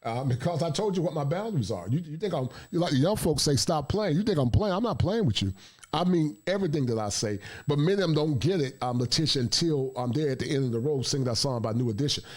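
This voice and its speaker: A man's voice: fairly high pitch, lively intonation, fast, darkish tone. A man working as a therapist who hosts a talk show, speaking in an emphatic, preachy and frank way during a casual discussion. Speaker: podcast host and therapist.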